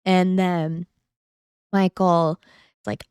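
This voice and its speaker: A woman's voice: medium pitch, measured pace, creaky, clean tone, no room sound, studio quality. A woman in her thirties, a podcast guest, telling a personal story casually, acting out other people's lines and laughing often.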